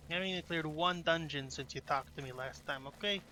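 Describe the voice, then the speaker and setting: A man's voice: a little high, quick pace, hardly any pauses, background noise. Goofy, chatty young gamer man. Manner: goofy, chatty, talks to the game characters. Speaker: let's play gamer. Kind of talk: casual gameplay commentary.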